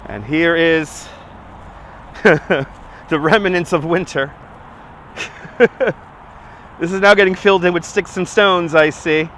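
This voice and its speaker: Taking it slowly and pausing often, a man with a high-leaning, fairly bright voice hosts a livestream while walking outdoors on a city street, his phone on a gimbal. He greets viewers by name, chatty and upbeat. His nose is a bit stuffy, so his voice may crack, against faint street and traffic noise.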